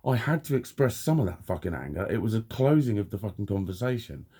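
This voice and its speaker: A man's voice: lowish voice, lively intonation, fast, dark tone, slightly rough. A man in a heated, blunt personal rant, swearing constantly as he tells his story to camera. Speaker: vlogger.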